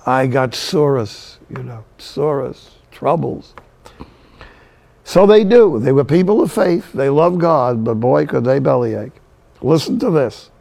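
Older male preacher, gravelly and mellow, folksy sermon storyteller. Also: a little high, a little slow. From New Jersey. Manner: storytelling, folksy and animated with quoted asides.

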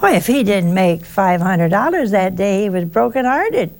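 Woman preacher, mid-range pitch, gravelly edge, folksy conversational sermon. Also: very animated, moderate pace, darkish tone. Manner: folksy, full of rhetorical questions.

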